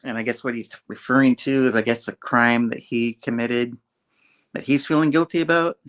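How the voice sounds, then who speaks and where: A man's voice: medium pitch, steady tone, moderate pace, a bit bright. A man hosting a casual comic book review show, retelling the story in a rambling way with many fillers. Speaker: host.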